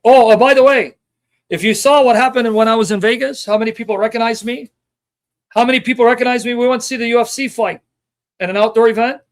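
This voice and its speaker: A man with a high voice speaks straight to his viewers in an emotional personal reflection. He is impassioned and repeats himself, rising to loud emphasis and then sinking into hushed, almost whispered lines. He acts out quoted dialogue in his own voice. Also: steady tone, fast. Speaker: Christian apologist recounting a debate.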